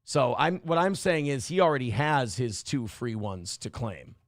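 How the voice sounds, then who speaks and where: A man's voice: mid-range voice, very animated, normal speed, no room sound, clean studio sound. A man hosting a live-stream talk show, speaking in a sarcastic, rambling way with many fillers while he reads out viewer chat.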